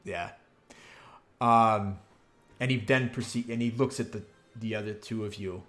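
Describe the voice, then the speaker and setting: A man's voice: lowish voice, fairly even intonation, measured pace, a bit bright, faint music behind. A man narrating a tabletop game as game master, describing scenes in a casual, rambling way with many fillers.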